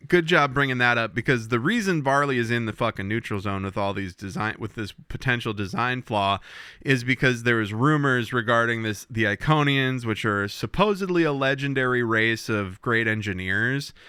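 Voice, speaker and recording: A man co-hosting a podcast, recapping a TV episode in casual chat, animated and swearing as he acts out characters' lines. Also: mid-range voice, moderate pace, smooth, no echo, clean studio sound. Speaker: podcast co-host.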